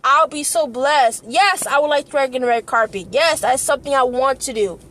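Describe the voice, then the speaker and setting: A young woman vlogs with a voice that sits high, a little quick and slightly bright. She speaks earnestly and passionately, often repeating herself and sometimes growing tearful in this emotional personal vlog.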